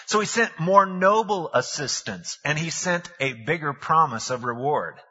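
A man's voice: fairly high pitch, animated, measured pace, bright, forceful tone, slightly rough. A man preaching a sermon, a pastor who tells the story in a folksy way with slang asides, recorded with long hall reverb and a dull, lo-fi sound.

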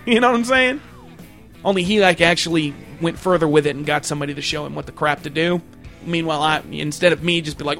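High bright-voiced man telling crude stories. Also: a little fast, faint music behind. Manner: crude, laughing, mimics family voices. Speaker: podcast host. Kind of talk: casual storytelling chat.

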